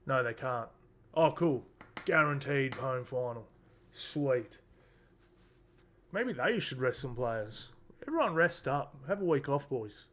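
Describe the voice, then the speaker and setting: A man's voice: medium pitch, expressive, takes it slowly, pauses often, a bit bright. A man, rambling casually through a rugby league round recap with lots of fillers and asides. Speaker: sports tipping vlogger.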